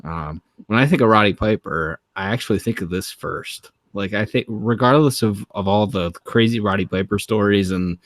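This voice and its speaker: A man's voice: on the low side, normal speed, few pauses, dry recording. A man co-hosting a casual podcast chat, enthusiastic, laughing often and restarting his phrases.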